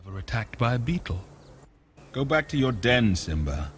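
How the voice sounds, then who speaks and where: A man's voice: medium pitch, very animated, moderate pace, breathy edge. An actor playing a sardonic, villainous adult male lion in a film, with a contemptuous drawl. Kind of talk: film voice acting.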